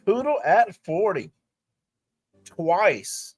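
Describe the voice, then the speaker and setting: A man co-hosting a live online auction, calling out bids and teasing the host with quick-witted banter. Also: high voice, very animated, faint music behind.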